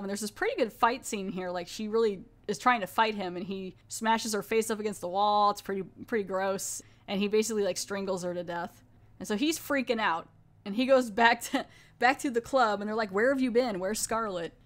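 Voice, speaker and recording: A woman hosting a podcast, casually recapping a TV horror episode in a rambling, conversational way, with lots of "like". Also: medium pitch. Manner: rambling, filler-heavy, conversational. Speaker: podcast host.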